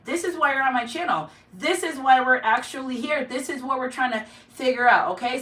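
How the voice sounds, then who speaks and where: A woman's voice: fairly high pitch, normal speed, few pauses, pushed and bright. A woman giving a casual tarot reading at home, emphatic and repeating her points. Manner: emphatic, repeats herself, chatty. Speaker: tarot card reader. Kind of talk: casual spiritual reading to camera. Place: home room. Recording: echoey room, mic far off.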